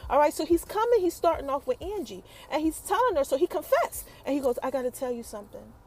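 A woman casually recapping a TV episode for her viewers, chatty and animated, who keeps calling out to them. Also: high voice, quick pace, slight background noise.

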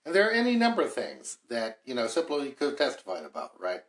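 A man hosts a podcast and gives casual political commentary at a middling pitch. He talks in a chatty, wry way and thinks aloud as he goes. His voice carries a noticeable roomy echo. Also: huge pitch swings, quick pace. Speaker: podcast host.

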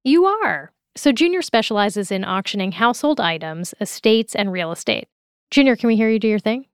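A woman's voice: mid-range voice, very animated, brisk, clear, resonant tone, no room sound, clean studio sound. A woman hosting a radio show who asks her guest curious, playful questions. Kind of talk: radio interview.

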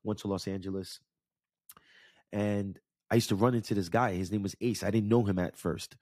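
In a dry, clean studio recording, a man in his thirties with a New York area accent shares a personal story, casual and candid, pausing to check in with the listener. A podcast host and life coach, he speaks with a fairly low, darkish voice, fairly even intonation, and normal speed.

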